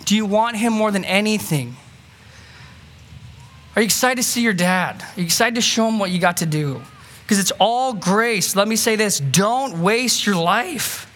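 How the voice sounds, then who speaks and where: A man preaching a sermon as pastor, earnest and pleading, moving from quick asides to slow, emphatic lines. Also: high-pitched, fairly bright tone. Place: church sanctuary.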